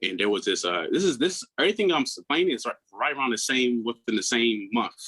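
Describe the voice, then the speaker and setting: Guy in his 30s on a podcast, raw and earnest, mid-pitch voice, keeps restarting his words. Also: expressive, fast, sharp tone, low-quality recording. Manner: acts out quoted people in a raised voice. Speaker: podcast guest. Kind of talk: candid personal storytelling.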